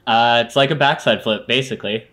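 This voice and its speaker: A man co-hosting a casual podcast chat, laid-back and halting, with many fillers. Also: medium pitch, bright, forceful tone. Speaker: podcast co-host.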